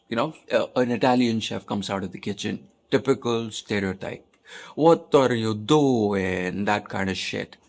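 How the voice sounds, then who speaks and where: Guy from india ranting on his commentary show, gravelly, talks like he's chatting. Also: mid-range voice. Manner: emphatic, conversational, asks rhetorical questions. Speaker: host.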